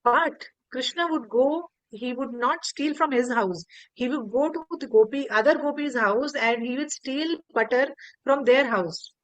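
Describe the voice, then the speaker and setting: Woman storyteller on a video call, highish voice, dry sound, lively, acts out the characters' lines. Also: a little slow, no room sound, rough recording. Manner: animated, acting out characters' lines.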